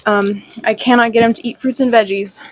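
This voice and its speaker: A woman's voice: fairly high pitch, fairly even intonation, fairly quick. A woman vlogging casually at home in her kitchen, chatty and cooing at her dogs. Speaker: vlogger, animal rescuer. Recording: noisy home recording.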